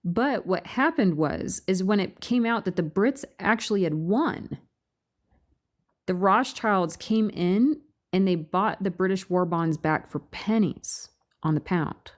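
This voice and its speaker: A woman giving a casual talk to a group, reading aloud and breaking off into animated rhetorical asides. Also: mid-range voice, slow. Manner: animated, rhetorical questions, frequent restarts. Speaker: presenter at a meeting.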